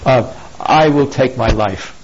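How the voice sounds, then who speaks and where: A man's voice: mid-range voice, slow pace, voice pushed down, lightly acted. A man voicing an abandoned queen who blames her sister, speaking in an accusing, emphatic way. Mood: remorseful. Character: betrayed grieving queen Dido, woman, bitter. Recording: dull lo-fi recording.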